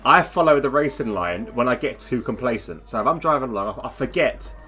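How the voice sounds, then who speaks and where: A man's voice: medium pitch, lively intonation, a little fast, pushed and bright. A man hosting live sim-racing commentary, chatty and rambling, reading out standings with self-deprecating asides. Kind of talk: live esports race commentary.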